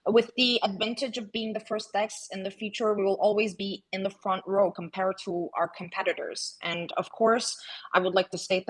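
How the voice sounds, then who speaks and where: A woman guest on a talk show, her voice slightly husky and breathy. She answers at mid pitch, feeling her way through sentences with pauses and restarts. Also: low-quality recording. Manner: hesitant, with frequent "uh" and "um" and restarts. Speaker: guest, project team member. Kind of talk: interview answers.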